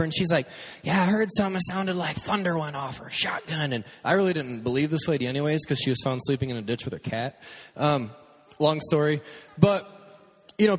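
Animated male pastor in a reverberant hall. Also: fairly high pitch. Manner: animated, joking, acts out his own stories. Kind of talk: casual storytelling sermon.

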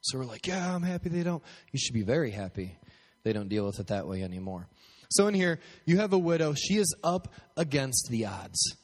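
A man's voice: medium pitch, animated, fairly quick. Man, pastor; joking sermon to a crowd, church hall with long reverb. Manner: joking, asks the crowd questions. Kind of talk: sermon with prayer.

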